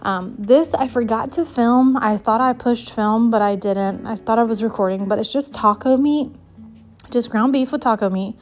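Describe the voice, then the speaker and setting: With soft music in the background, a fairly high-pitched young woman narrates a casual home cooking video at normal speed. She's a vlogger and mother of six who sounds a little out of breath, rambling and using many fillers.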